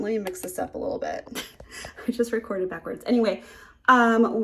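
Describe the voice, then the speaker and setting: A young woman casually talking through making soap at home, rambling with lots of fillers and restarts, a bit out of breath. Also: medium pitch. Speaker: small business owner making soap. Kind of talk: casual how-to vlog.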